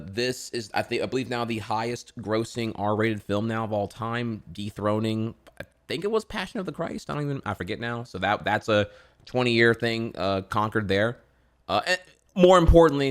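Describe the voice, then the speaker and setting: A man's voice: lowish voice, lively intonation, normal speed. A man from Florida streaming casual reaction commentary, rambling with lots of fillers and swearing.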